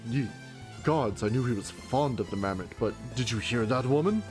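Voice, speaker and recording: A man voicing a fussy, gruff noble father in a game read-aloud. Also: medium pitch, normal speed, music in the background, lightly acted. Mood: astonished.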